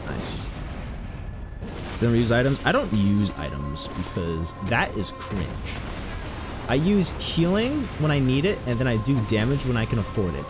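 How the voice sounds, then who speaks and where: A man's voice: mid-range voice, big pitch swings, normal speed, over music. Chatty young man streaming a game. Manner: chatty, rambling, self-mocking. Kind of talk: casual gameplay commentary.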